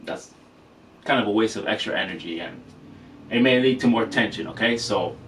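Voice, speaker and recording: A man's voice: lowish voice, normal speed, fairly bright tone. A man teaching drum rudiments in a casual, loose way, stopping to correct himself and apologize. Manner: casual, with many fillers and self-corrections, apologetic. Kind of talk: casual instructional demonstration. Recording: voice from a distance with faint noise.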